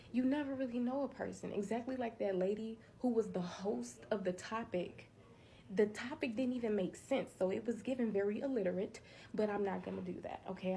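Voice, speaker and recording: A woman's voice: mid-range voice, vocal fry, dark tone, a little hiss or hum. A woman speaking her mind in an earnest, conversational monologue, preachy at times, like a social media creator talking to her followers. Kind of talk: candid monologue to camera.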